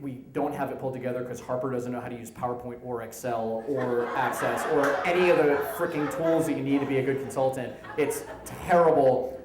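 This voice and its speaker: A man's voice: mid-range voice, echoey room, noisy background. Man telling a comic story live. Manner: animated, comic, acts out quoted people. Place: stage in a venue.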